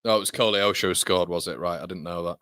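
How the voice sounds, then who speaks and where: A man commenting live on a football match for fellow supporters, firing off quick reactions and venting exasperation with swearing. His voice is bright and forceful. The sound is dry, with little room around it. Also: low-pitched, clean tone, no echo. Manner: heated, exasperated ranting with swearing; rapid reactions to the action. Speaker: football fan channel host.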